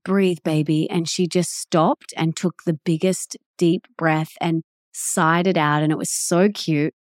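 Woman host, warm chatty talk, lowish voice, dry sound. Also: no echo. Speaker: podcast host. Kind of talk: casual interview talk.

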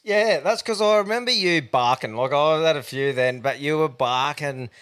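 An Australian man co-hosting a podcast, recounting a night out with loud laughter and free swearing. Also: on the high side, moderate pace, clean tone. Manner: swears freely, laughs loudly. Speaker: podcast co-host. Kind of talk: casual crude storytelling.

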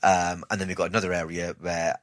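A male comedian, chatting casually and telling a story with lively acted-out voices. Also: low-pitched, quick pace. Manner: animated storytelling, acts out quoted voices. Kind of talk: casual podcast chat.

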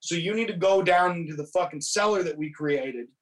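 A man voicing a stern, zealous middle-aged father who mutters low, profane threats. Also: fairly quick, recorded from a distance, lightly acted, poor audio. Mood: menacing.

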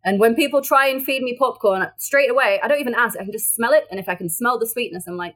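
A woman's voice: fairly high pitch, fast talker, few pauses, fairly bright tone. A young woman, an actor, telling stories in a casual interview and laughing often. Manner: bubbly, laughs often, chatty storytelling. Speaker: actor and guest.

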